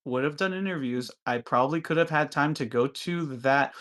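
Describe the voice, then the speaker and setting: A man co-hosting a podcast, chatting casually in a measured, reflective way with dry humor. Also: a little high, fairly bright tone. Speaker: podcast co-host. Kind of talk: casual chat.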